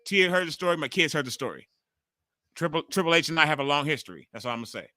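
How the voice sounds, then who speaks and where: Bright-voiced, profane stream host. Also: male voice, a little high, expressive, very fast, no echo. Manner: loose, profane, talks straight to the chat. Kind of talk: casual watch-along chat with viewers.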